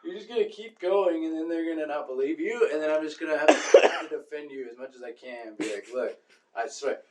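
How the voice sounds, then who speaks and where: A young man co-hosting a podcast in casual chat, excitable and swearing, often repeating himself as he bickers. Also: fairly high pitch, a little fast. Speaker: podcast co-host. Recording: roomy, distant from the mic.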